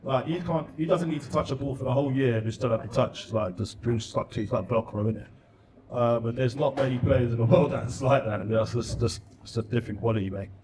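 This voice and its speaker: Animated man telling stories, distant mic. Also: mid-range voice, fast, background noise. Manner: animated, slangy, laughs while telling anecdotes. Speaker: guest, former footballer. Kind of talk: casual storytelling. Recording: roomy sound, distant mic.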